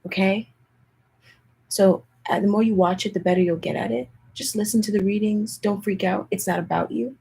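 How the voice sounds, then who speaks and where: A young woman tarot reader chatting casually with viewers in a hushed, half-whispered voice, often calling out to them directly. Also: mid-range voice, steady tone, normal speed, creaky, slight background noise, low-quality recording. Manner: chatty, keeps addressing viewers as "you guys". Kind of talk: casual livestream tarot chat.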